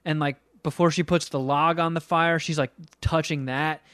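A man's voice: on the high side, fairly even intonation, normal speed, a bit bright, smooth, no echo, clean studio sound. A man on a podcast ranting about a movie he hated in a casual, profane, exasperated way. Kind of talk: casual comedic movie rant.

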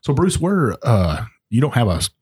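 A man's voice: mid-range voice, sing-song, moderate pace, a little mellow, husky, no room sound, studio quality. A man hosting a casual chat, asking folksy, friendly questions and swapping stories.

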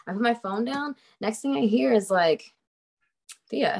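A woman's voice: a little high, animated, normal speed. A young woman telling a story in a casual chat, laughing often and swearing freely, with lots of fillers.

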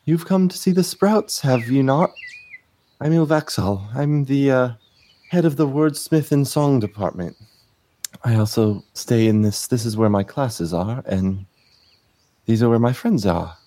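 A man voicing a gentle, slender dryad professor who lives in a birch tree, speaking in a sing-song way. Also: mid-range voice, expressive, a little slow, pitched above the performer's own voice, lightly acted.

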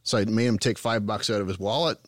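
A man's voice: lowish voice, quick pace, no room sound, clean studio sound. A man from Ontario with an Eastern Canadian accent, a farm consultant telling folksy, jokey stories as a podcast guest. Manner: folksy, jokey, rambling anecdotes. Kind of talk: casual storytelling.

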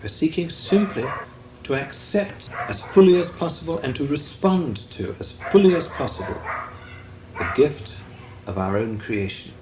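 An older man, a Benedictine monk, giving a measured, deliberate talk on meditation with long pauses. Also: on the high side, expressive. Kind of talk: slow meditative spiritual talk. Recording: echoey room with faint noise.

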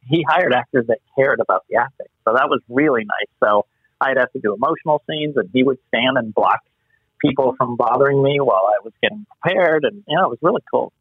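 A man being interviewed as an actor, telling lively anecdotes and acting out the people he quotes. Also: mid-range voice, husky, dry recording. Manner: animated storyteller acting out quotes. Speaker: actor guest. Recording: muffled phone-line sound.

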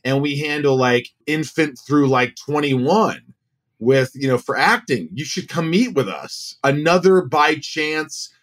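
A man in his forties, a guest actor, telling stories in a casual, animated way and acting out the voices he quotes. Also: on the high side, unhurried. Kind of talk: casual storytelling.

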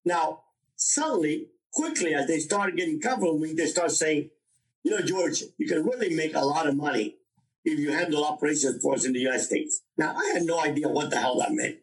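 Animated older man telling his story. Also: a little high, a little fast, distant mic, poor audio. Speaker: interview guest. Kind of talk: storytelling in a podcast interview.

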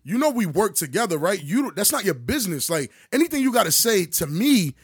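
A high-voiced man with a husky, breathy edge recounts a story in loose, profane slang. His pitch swings wildly as he acts out the other people in it, recorded dry and close. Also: brisk, dry recording. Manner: animated, acts out dialogue with big pitch jumps. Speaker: podcast co-host telling a story. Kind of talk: casual storytelling chat.

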